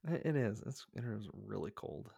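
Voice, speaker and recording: Man, Southern US accent, gravelly, lively pitch, easygoing, dry close mic. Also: normal speed, no echo. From American South. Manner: easygoing, laughs often, stammering restarts. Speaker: podcast co-host. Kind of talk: casual podcast chat.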